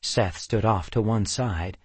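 A man narrating an audiobook in a measured, even storytelling manner. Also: fairly low pitch, husky, no echo. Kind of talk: scripted narration.

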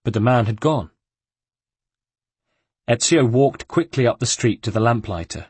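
A man reading a novel aloud as an audiobook narrator, in a steady measured way. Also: mid-range voice, husky, no room sound.

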